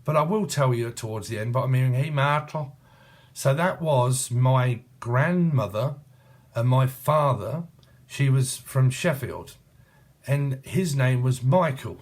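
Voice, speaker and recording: A man's voice: medium pitch, expressive, measured pace, a little mellow. Rambling, punning man. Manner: free-associating, punning, swearing often. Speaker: tarot reader. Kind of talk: casual rambling tarot reading.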